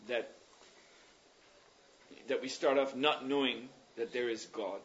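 A man leading a religious class, explaining ideas at length in a thoughtful, meandering way with pauses and fillers. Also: medium pitch, fairly even intonation, a bit bright. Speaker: spiritual teacher leading a class. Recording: dull lo-fi recording.

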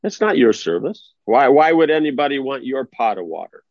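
A man's voice: mid-range voice, very animated, a little fast, creaky, a little mellow, dry recording. Male spiritual teacher, mid-range voice, chatty discourse, dry lo-fi sound. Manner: conversational, asks listeners if they follow. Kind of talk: informal religious discourse. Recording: dry, slightly dull lo-fi recording.

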